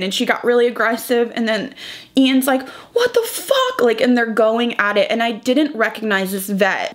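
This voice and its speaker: Tearful young woman vlogging, a bit high. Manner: tearful, breaking up while retelling. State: crying. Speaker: beauty vlogger. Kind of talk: emotional personal vlog.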